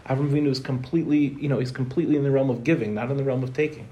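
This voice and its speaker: A young man teaching a Torah class in a quick, joking way, throwing rhetorical questions at his listeners. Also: mid-range voice, steady tone, warm tone.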